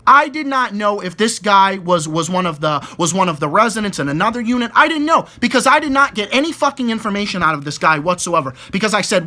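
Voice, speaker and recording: A man's voice: high-pitched, sing-song, a little fast, pushed and bright. A young man ranting about annoying people at work, exasperated, swearing heavily and stumbling over repeated words. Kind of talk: profane casual rant.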